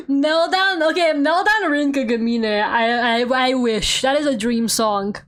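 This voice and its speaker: A woman's voice: high voice, slow, long pauses, a bit bright, soft background music. A woman streamer chatting casually while she draws, laughing often and swearing offhandedly. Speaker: VTuber streamer.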